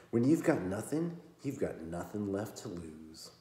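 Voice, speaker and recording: A podcast host with a deep, warm, very animated voice reads a novel aloud at a slightly slow pace with few pauses. He keeps breaking in with profane jokes and crude asides. The recording has a roomy echo.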